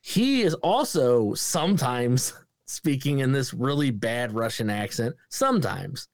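Profane, animated man reviewing a movie. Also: mid-range voice, measured pace, no room sound. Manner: profane, animated, mimics lines with bursts of voices. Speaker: podcast co-host. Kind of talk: casual movie review chat.

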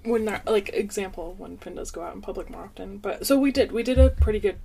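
Animated young mom telling stories. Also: female voice, medium pitch, fast, gravelly, faint music behind. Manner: animated storyteller, acts out quotes. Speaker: parent sharing stories. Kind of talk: casual chat.

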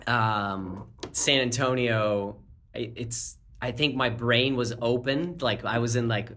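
A man's voice: mid-range voice, takes it slowly, slight background noise. A man in his forties, born in Ukraine with Russian as his first language, speaking with an American accent, chatting as an executive guest in a casual interview with many fillers. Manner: relaxed, chuckling, many fillers.

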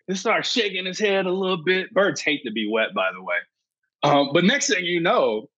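A man, a birding educator and podcast guest, telling an excitable story and acting out his own past thoughts. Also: high-pitched, normal speed, breathy edge, no echo, lo-fi sound. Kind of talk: animated storytelling.

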